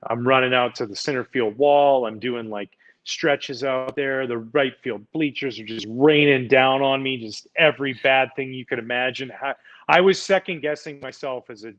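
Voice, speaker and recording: A man in his forties, a podcast guest, telling relaxed, rambling stories with lots of fillers. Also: mid-range voice, normal speed, highs cut off. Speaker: podcast guest, former pitcher. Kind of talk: casual storytelling chat.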